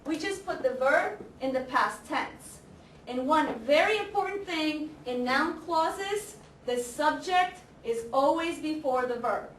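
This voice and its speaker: A woman teaching an English grammar class, speaking slowly and deliberately, repeating example sentences and quizzing her students. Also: high-pitched, expressive, fairly bright tone. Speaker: ESL teacher. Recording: echoey classroom, camera far off, faint noise.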